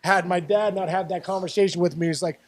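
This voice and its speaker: This Pittsburgh-area man, once a baseball player, speaks fast in a high voice. Guesting on an interview, he spins stories with lively energy, often repeating himself and starting sentences over.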